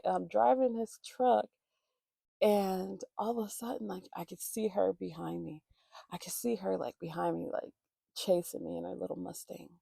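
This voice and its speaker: A woman rambles through a storytime while putting on makeup, swearing freely and slipping into the voices of the people she describes. Her voice sits in a very gravelly fry, recorded close and dry with no room sound. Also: lowish voice, dark tone, no room sound. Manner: rambling, profane, acts out quoted voices. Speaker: vlogger. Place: at home, morning makeup routine.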